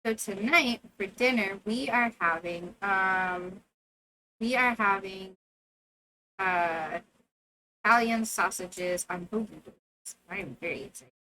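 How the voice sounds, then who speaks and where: A woman's voice: medium pitch, takes it slowly, pauses often, sharp tone, a little hiss or hum. A woman streamer giving casual gameplay commentary, playfully talking to the game characters and to herself.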